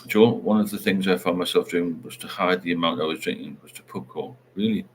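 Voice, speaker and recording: A man's voice: deep voice, fairly quick, a little hiss or hum. A middle-aged man, hosting a casual livestream chat and rambling while he reads out viewer comments. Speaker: livestream host.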